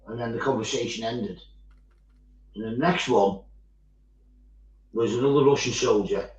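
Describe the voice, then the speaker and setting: A man chatting casually while he paints miniatures, telling animated stories and swearing freely. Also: mid-range voice, a little slow. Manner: animated storytelling, swears freely, acts out quoted voices. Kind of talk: casual chat. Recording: echoey, dull-sounding room.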